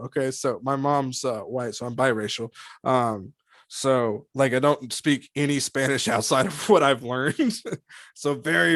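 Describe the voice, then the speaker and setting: A man being interviewed about his voice work, talking in a lively, animated way, laughing often and slipping into character voices. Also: mid-range voice, no echo, studio quality. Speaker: voice actor guest. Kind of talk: casual interview chat.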